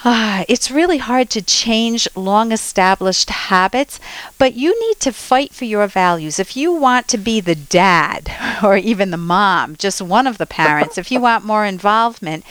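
A middle-aged woman hosting a radio call-in advice show, counseling a caller gently and reassuringly, with soft laughs. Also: mid-range voice, smooth, dry recording, low-quality recording.

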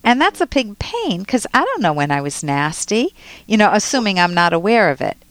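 Smooth clear-voiced woman radio advice host. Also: medium pitch, sing-song, moderate pace, a bit bright, no room sound. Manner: direct, coaching, role-plays examples. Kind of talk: call-in advice.

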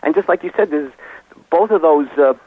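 Man, guest expert, halting speech with restarts, phone-line sound, dry. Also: fairly high pitch, husky, no room sound. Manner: halting, repeats words and fills with uh. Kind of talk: advice call-in talk.

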